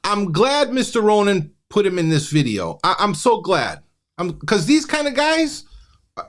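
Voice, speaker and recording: A man's voice: high-pitched, huge pitch swings, unhurried. A man hosting a live review of a recorded phone call, talking bluntly and mockingly and repeating himself. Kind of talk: live commentary.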